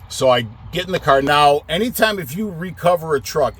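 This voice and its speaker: A middle-aged man who owns a trucking business tells a long story casually, rambling, swearing, and growing heated as he goes. His voice is on the high side, husky, fairly bright, expressive, and brisk.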